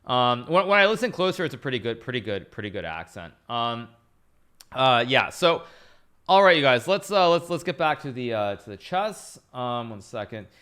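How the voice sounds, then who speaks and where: Bright-voiced man rambling through chess commentary. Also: mid-range voice, sing-song, moderate pace, smooth. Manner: chatty, rambling, repeats phrases; thanks viewers for subscriptions between moves. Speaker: chess streamer analyzing games. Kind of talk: casual live-stream commentary.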